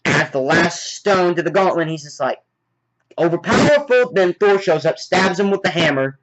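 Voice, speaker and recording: A man giving a casual movie review, retelling scenes as excited play-by-play with sound effects. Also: a little high, moderate pace. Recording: dull lo-fi recording.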